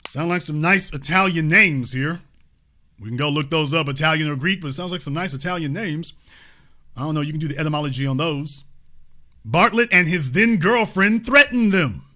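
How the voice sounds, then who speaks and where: A man's voice: a little high, moderate pace, pushed and bright. A man hosting a commentary show, reading news aloud and breaking in with emphatic remarks, repeated points and pointed rhetorical questions.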